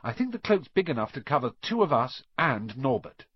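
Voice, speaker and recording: A man's voice: mid-range voice, sing-song, fairly quick, breathy edge, no echo, pitched above the performer's own voice. A man voicing an eager, urgent eleven-year-old boy in a storybook reading. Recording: dull dry recording.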